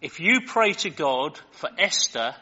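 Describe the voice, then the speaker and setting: A man's voice: a little high, animated, unhurried, bright, forceful tone, breathy edge, big-room sound. An older British man preaching, reading scripture and then chatting in a digressive way with many fillers. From Britain. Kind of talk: Bible reading and sermon. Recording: muffled lo-fi recording.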